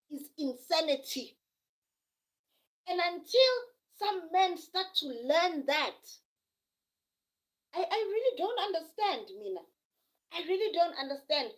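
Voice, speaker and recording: A woman's voice: very high-pitched, low-quality recording. A South African woman talking with passion in a casual podcast chat, emphatic and preachy, sometimes slipping into Zulu phrases. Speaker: podcast co-host.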